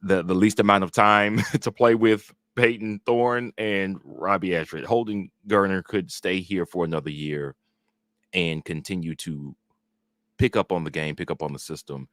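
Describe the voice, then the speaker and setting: A man's voice: low-pitched, fairly even intonation, moderate pace, a bit bright, dry recording, clean studio sound. A man co-hosting a casual sports chat show, making his points with earnest emphasis. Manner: emphatic, earnest opinion-giving. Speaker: co-host.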